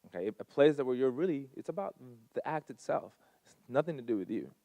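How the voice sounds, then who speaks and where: A man's voice: medium pitch, big pitch swings, fairly quick, creaky, dark tone, no room sound. A man in his thirties giving a personal testimony at a Sunday gathering, earnest and repeating phrases for emphasis into a handheld mic. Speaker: guest speaker at a Sunday service.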